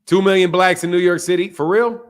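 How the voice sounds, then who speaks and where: A man hosting a boxing channel, delivering a loud, profane, fired-up rant in casual stream talk, laughing between points. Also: high-pitched, fairly even intonation, a little fast.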